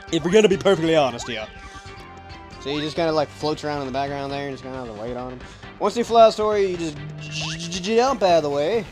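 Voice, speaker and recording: A young man giving casual, rambling gameplay commentary, joking at his own expense and tripping over his words. His pitch sits a bit high and moves a lot. Game music plays clearly underneath. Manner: rambling, self-deprecating, stumbles over words. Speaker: let's play host.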